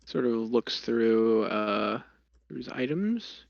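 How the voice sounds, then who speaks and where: A man running a tabletop game as game master, narrating slowly. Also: mid-range voice, big pitch swings, vocal fry, no echo. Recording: dull lo-fi sound.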